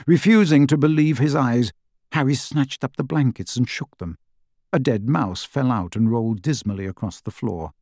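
Male audiobook narrator, measured and expressive, mid-pitched, dry booth sound. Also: no room sound. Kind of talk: scripted narration.

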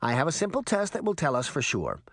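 A man's voice: fairly high pitch, wildly swooping pitch, fast talker, fairly bright tone, dry recording, clean studio sound, full character voice. A man playing a practical woman nurse. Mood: explaining. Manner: explanatory, matter-of-fact. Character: kindly middle-aged woman nurse, practical.

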